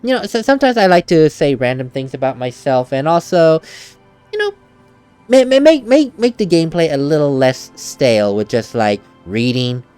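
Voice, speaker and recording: A man's voice: fairly high pitch, sing-song, normal speed, a little mellow, smooth, faint music behind. A young man playing a video game, chatting and giggling while reading lines aloud. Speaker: let's play gamer. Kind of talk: casual game commentary.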